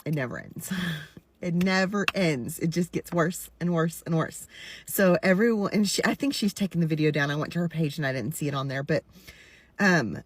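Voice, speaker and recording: A woman's voice: low voice, a little fast. A woman in her forties speaking candidly and emphatically about her own experience, often repeating herself for stress. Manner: earnest, repetitive, emphatic. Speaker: content creator stitching a video. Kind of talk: candid personal commentary.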